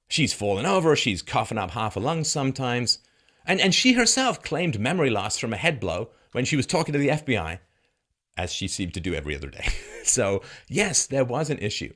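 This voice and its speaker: A man's voice: on the low side, fairly bright tone. A man giving solo political commentary in a sarcastic, mocking way, laughing often and putting on voices for the people he quotes.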